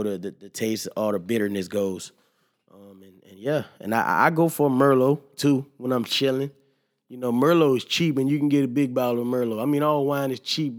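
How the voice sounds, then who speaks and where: A young man hosting a casual solo podcast, loose and joking, sometimes getting loud and animated. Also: medium pitch. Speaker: podcast host.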